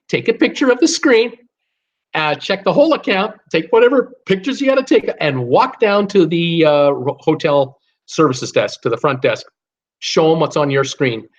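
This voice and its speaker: A man's voice: on the high side, lively intonation, normal speed, highs cut off. An older man hosting a live cruise talk, giving blunt, fired-up advice in a ranting manner. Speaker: cruise vlogger host.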